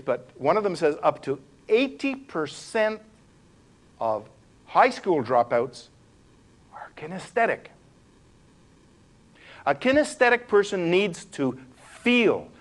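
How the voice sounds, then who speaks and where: Animated man teaching a live workshop. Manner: animated, demonstrates voices and postures, shifts pitch and pace. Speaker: workshop presenter. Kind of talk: live workshop talk to a room. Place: room with a live audience.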